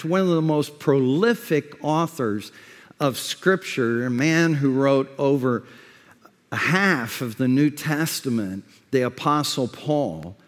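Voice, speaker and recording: A man preaching a sermon as pastor, stressing points and putting questions to the congregation. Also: fairly high pitch. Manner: emphatic preaching with repeated words and questions to the congregation. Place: church sanctuary. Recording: long hall reverb.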